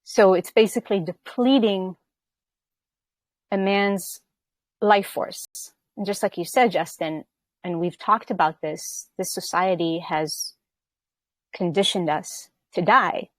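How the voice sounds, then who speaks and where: A woman with a lowish voice talks through her ideas in an earnest, explaining way, often checking in with her listener. The sound is dry and close, with no room around it. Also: slow, no echo. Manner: earnest, explaining with frequent "right?" and restarts. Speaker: podcast host. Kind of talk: casual spiritual conversation.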